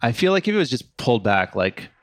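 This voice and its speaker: Giggly, animated man reviewing a mix. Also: medium pitch, quick pace, no room sound, clean studio sound. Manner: giggly, lively, hedging with "like" and "um". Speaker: co-host of a music review show. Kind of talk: casual couch chat.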